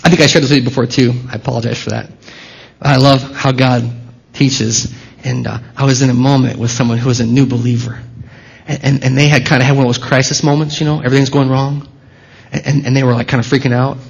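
A man's voice: mid-range voice, level tone, fast talker, vocal fry, breathy edge. A man preaching a sermon at a church service, talking to the congregation in a conversational, emphatic way. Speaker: pastor. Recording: dull lo-fi sermon recording.

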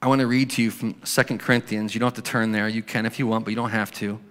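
A male pastor preaching a sermon in a conversational way, slowing and softening when he reads scripture. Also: on the low side, steady tone, clear, resonant tone. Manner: conversational preaching, drops to soft slow scripture reading. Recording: long hall reverb.

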